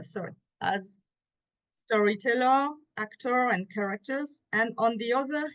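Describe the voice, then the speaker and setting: A woman with a French accent, reading an academic paper aloud at a conference in a careful, measured way, pausing now and then to correct a slip. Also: fairly high pitch, fairly bright tone. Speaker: conference speaker. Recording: muffled, lo-fi conference audio.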